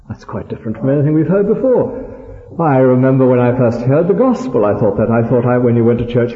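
Older male preacher, conversational sermon, tag questions; dull lo-fi hall recording with long reverb. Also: medium pitch.

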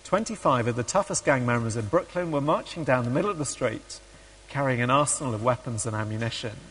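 Male preacher, mid pitch, halting delivery full of ums, long hall reverb. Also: a bit bright, slight background noise. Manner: hesitant with many ums, acts out quoted voices. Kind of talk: sermon with read-aloud story.

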